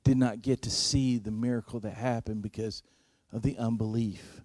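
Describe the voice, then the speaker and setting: A man preaching a sermon, telling a story slowly and deliberately, his volume rising and falling for effect. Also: medium pitch, fairly even intonation, darkish tone, dry recording. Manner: slow, deliberate preaching with dramatic swings in volume.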